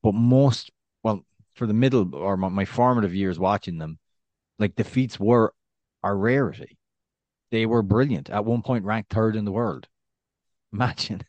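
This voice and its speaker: An Irish man in his thirties, co-hosting a casual podcast chat, animated and rambling with restarts and acted-out anecdotes. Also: on the low side, unhurried, long pauses, no echo, muffled recording. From Ireland. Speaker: podcast co-host.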